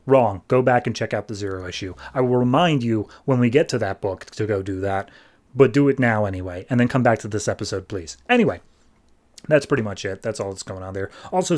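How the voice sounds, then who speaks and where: A man's voice: mid-range voice, a little mellow. A man hosting a podcast, recapping a comic book in a casual, rambling way with sarcastic asides. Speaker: podcast host.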